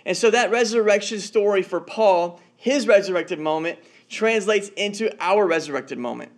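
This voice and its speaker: A man's voice: high-pitched, moderate pace. A man, a married father, giving a conversational sermon as pastor, telling stories and often repeating words as he goes. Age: adult, married father.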